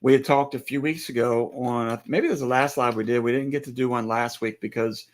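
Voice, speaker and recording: A man's voice: mid-range voice, steady tone, brisk. A man, co-hosting a ranch livestream with joking, teasing banter. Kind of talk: casual chat.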